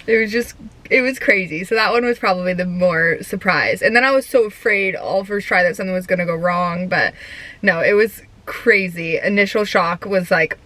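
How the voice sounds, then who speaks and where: A young woman vlogging in a casual, chatty way, full of "like" and quick laughs. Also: medium pitch, sharp tone, dry recording. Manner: chatty, giggly, lots of filler "like". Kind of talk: casual chat.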